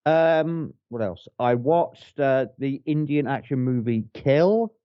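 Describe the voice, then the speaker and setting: A podcast co-host talks films casually and with enthusiasm in a medium-pitched, animated voice, taking it slowly. The tone is clean with no echo, though the recording is muffled, and he swears and rambles, restarting his sentences.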